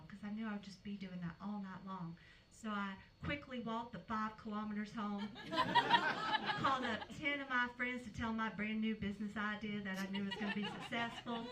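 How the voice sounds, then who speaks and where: A woman's voice: medium pitch, distant mic, noisy background. A woman comedian doing a brash, frank stand-up set and laughing at her own jokes. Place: live comedy venue.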